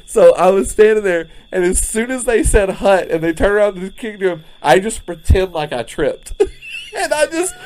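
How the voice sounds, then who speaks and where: A man's voice: high-pitched, sing-song, normal speed, a little mellow. A man, a podcast co-host telling a story in casual chat, laughing often. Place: front porch, outdoors.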